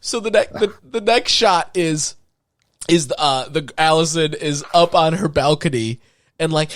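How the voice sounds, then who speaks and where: A man on a podcast, recapping a movie in casual chat, laughing often and acting out lines in quick voices. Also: fairly high pitch, a bit bright. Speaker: podcast co-host.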